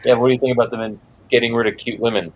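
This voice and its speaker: Man, fast talker, teasing, provocative jokes, casual video-call chat, mid pitch. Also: level tone, poor audio.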